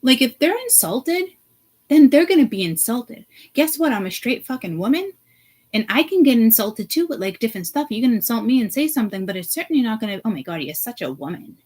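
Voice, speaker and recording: A woman vlogger ranting to her viewers, blunt and profane, swinging from hushed asides to loud outbursts. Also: on the high side, animated, brisk, husky, low-quality recording. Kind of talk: ranting to camera.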